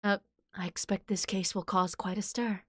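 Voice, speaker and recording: A woman voicing a cold, sharp-tongued male prosecutor in a game, speaking low and clipped. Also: fairly even intonation, moderate pace, dry recording, studio quality, lightly acted. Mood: measured.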